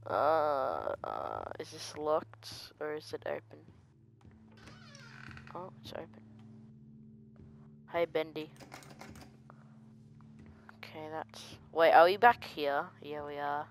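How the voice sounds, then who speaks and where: A game player giving quiet let's-play commentary, talking softly and easily startled. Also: mid-range voice, big pitch swings, slow pace, vocal fry, pauses often, a little hiss or hum.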